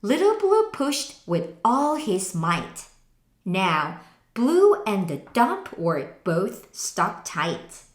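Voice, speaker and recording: A woman teacher reading a picture book aloud slowly, in an expressive sing-song way. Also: mid-range voice, echoey room. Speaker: English teacher.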